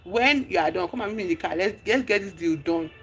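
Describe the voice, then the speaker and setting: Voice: mid-range voice, lively intonation, quick pace, fairly bright tone, slightly rough, soft background music. Streamer doing a scheming greedy woman, brusque, impatient. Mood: curt. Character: scheming greedy woman middleman, curt and dismissive.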